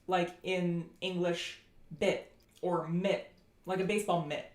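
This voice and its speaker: A woman with an American accent giving a phonetics lecture, explaining and slowly demonstrating vowel sounds. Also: on the low side, steady tone, reverberant. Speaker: language teacher.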